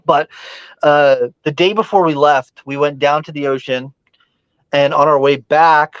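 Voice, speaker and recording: An animated man tells a story in loose podcast chat with a fairly high voice. He swears freely and leans on fillers. The sound is dry and somewhat dull. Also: measured pace, smooth, dry recording.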